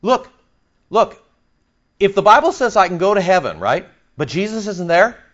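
A man preaching a sermon. He reads scripture aloud, explains it and jokes, swinging from low asides to excited outbursts. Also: normal speed. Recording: dull lo-fi recording.

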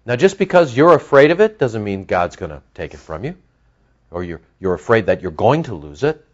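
A male pastor preaching a sermon in an animated way. His pitch swings widely as he stresses words and breaks into asides. The recording sounds dull and lo-fi. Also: fairly quick.

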